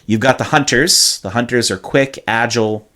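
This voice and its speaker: A man's voice: medium pitch, normal speed, sharp tone. A man co-hosting a casual podcast, explaining things at length with hyperbole, cursing and many "uh"s. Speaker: podcast co-host.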